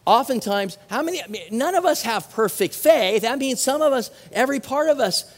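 A middle-aged man with a high-pitched voice delivers an animated sermon, firing questions at his listeners between casual asides. His voice rings out with a long reverb, as if in a large hall. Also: brisk. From Southern California. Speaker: pastor.

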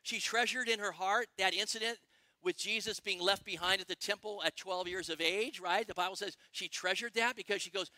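A middle-aged male pastor preaching a sermon, excitable and animated, firing questions at the congregation. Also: sits high, no room sound. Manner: excitable, quick bursts, asks the congregation questions.

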